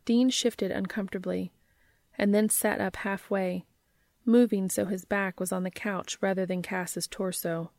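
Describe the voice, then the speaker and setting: A woman reading a story aloud in a soft, measured way. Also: medium pitch, fairly even intonation, gravelly, no echo, clean studio sound. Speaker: narrator.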